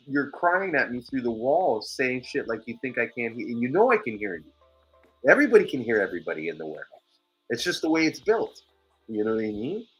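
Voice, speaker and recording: A man hosting a loose, casual talk show who tells a heated story full of swearing. His voice is bright and forceful. Faint music plays underneath. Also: medium pitch, husky, poor audio. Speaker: podcast host. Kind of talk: casual chat.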